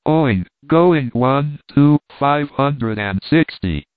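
A man's voice: mid-range voice, lively intonation, slow, no room sound. A man voicing a persuasive auctioneer calling out bids. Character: auctioneer, male, pleading and persuasive. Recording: thin phone-like dry sound.

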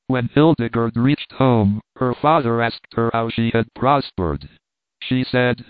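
A man narrating a storybook in a slow, measured, even reading. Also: mid-range voice, no echo. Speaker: audiobook narrator. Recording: thin phone-like dry sound.

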